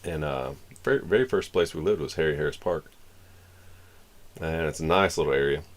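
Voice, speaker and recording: A man's voice: rumbling low, brisk. A man streaming live, telling a long story in a casual, rambling way and acting out the lines of the people in it. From Florida. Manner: rambling, acts out the dialogue of the people in his story.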